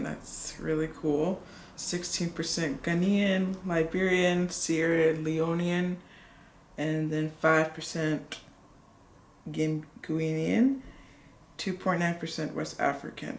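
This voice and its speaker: Excitable woman vlogger with a low, slightly gravelly voice, recorded in an echoey room. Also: a little hiss or hum. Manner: excitable, gushing. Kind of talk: casual vlog, reading results aloud.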